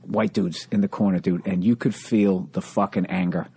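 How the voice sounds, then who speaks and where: Podcast host and comic from the US, swears a lot, tells stories with lots of energy. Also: male voice, low-pitched, normal speed, vocal fry, slightly rough. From United States. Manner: profane, animated anecdote telling. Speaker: podcast host, stand-up comedian. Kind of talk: casual chat, storytelling.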